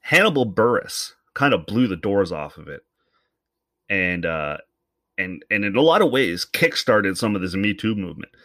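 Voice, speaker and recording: A man's voice: lowish voice, very animated, moderate pace, fairly bright tone, no room sound. A man hosting a solo podcast, talking bluntly and with some swearing in an opinionated, rambling monologue into a podcast microphone. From Canada. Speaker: podcast host.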